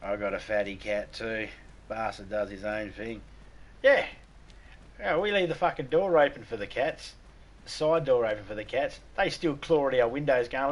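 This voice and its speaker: A man's voice: mid-range voice, normal speed. A man with an Australian accent chatting casually on a live game stream, telling crude, profane jokes. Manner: crude, profane, joking banter. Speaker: gaming streamer. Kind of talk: casual livestream chat.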